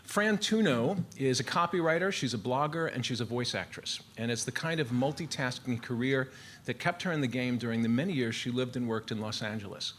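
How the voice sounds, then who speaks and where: A man's voice: medium pitch, brisk, slight background noise. A man introducing a live storytelling show on stage, formal with frequent filler sounds. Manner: warm formal emcee delivery with frequent "uh" fillers. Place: live venue with audience.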